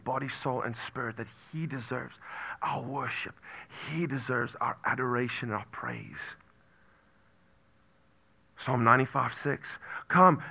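A man preaching a sermon as pastor, animated, swinging from loud exclamations to hushed near-whispers and repeating phrases for emphasis. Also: a little high.

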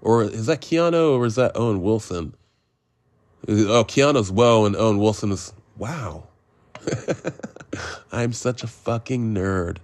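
A man's voice: lowish voice, normal speed, darkish tone, dry recording. A man hosting a podcast, reviewing a film in a rambling, sarcastic monologue full of swearing, digressions and self-mocking jokes. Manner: self-mocking, with jokey made-up phrases.

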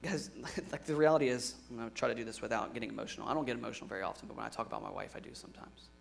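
A young adult man preaching a sermon in an earnest way, moving from emphatic lines to quiet, hushed ones. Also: mid-range voice, fairly even intonation, rapid-fire, gravelly. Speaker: pastor.

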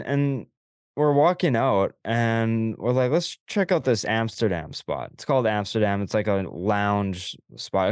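A man's voice: medium pitch, clean tone, no room sound, studio quality. A young man co-hosting a podcast, telling stories in casual chat, acting out quoted dialogue and swearing freely. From Canada. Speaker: podcast co-host.

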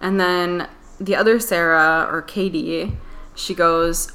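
In a relaxed podcast chat, a female co-host slowly retells a story, her speech full of fillers such as "um" and "like." She has a lowish, slightly bright voice with fairly even intonation.

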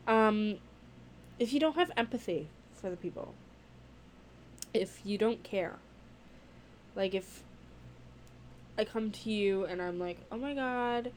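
A woman's voice: mid-range voice, slow pace, pauses often, a little hiss or hum. A young woman talking casually to camera in a vlog, candid and blunt, swearing freely and filling her speech with "like.".

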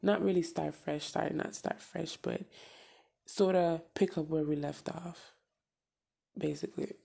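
Gravelly-voiced woman venting bluntly. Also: sits low, fairly even intonation, a little slow, mellow. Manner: blunt, profane, emphatic repetition. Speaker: podcast host. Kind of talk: casual venting monologue.

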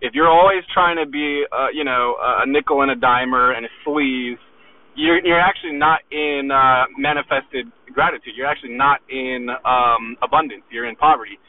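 A man's voice: medium pitch, steady tone, normal speed, slight background noise. A man giving an aggressive, profane motivational rant, hammering his points with "okay?". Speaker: weights seller. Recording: tinny phone-like recording.

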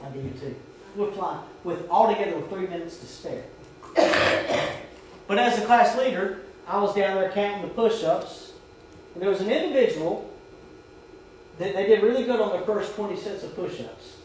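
In a church sanctuary, recorded from far off with echo and slight background noise, a pastor with a high-pitched voice preaches at normal speed with long pauses. He tells a story, urges his congregation, and shouts quoted drill commands.

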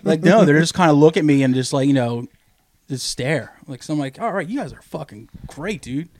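Profane, lively man telling a neighbor story. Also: fairly quick. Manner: profane storyteller, acts out quotes in a high goofy voice. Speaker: podcast co-host. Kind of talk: casual chat.

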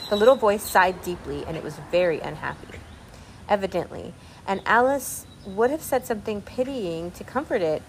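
A woman reading a children's classic aloud, pausing with ums to explain old words. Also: medium pitch, expressive, a little hiss or hum. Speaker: reader.

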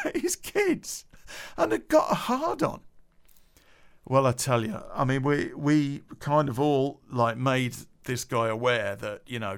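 A man's voice: sits high, gravelly. A middle-aged man telling a rambling personal anecdote, swearing freely and laughing as he goes. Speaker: podcast storyteller.

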